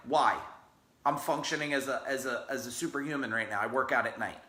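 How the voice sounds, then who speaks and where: Man, business coach, blunt, rambling live talk, forceful tone, roomy echo. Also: mid-range voice, brisk. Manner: blunt, rambling, swears casually. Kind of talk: unscripted motivational live stream.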